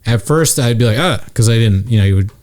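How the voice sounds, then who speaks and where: A man's voice: on the low side, fast, a little mellow. A man hosting a podcast, casually chatting and teasing his guest. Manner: teasing, needling. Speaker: podcast host.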